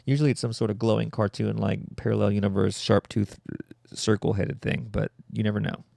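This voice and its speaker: Dark, gravelly man joking on a podcast. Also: on the low side, flat delivery, no room sound, studio quality. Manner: irreverent, joking, quick asides. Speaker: podcast host. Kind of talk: comedic solo podcast.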